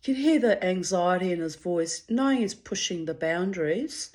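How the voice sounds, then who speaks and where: A woman's voice: lowish voice, expressive, normal speed, few pauses, a little mellow. A middle-aged woman, telling a story to her channel in a blunt, profane and dramatic way. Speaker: vlogger. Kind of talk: casual storytelling monologue.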